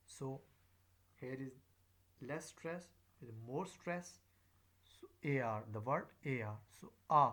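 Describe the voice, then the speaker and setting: A man teaching English pronunciation in a recorded lecture. He pauses often with fillers and repeats example words again and again as drills. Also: mid-range voice, a bit bright. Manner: hesitant, frequent uh fillers.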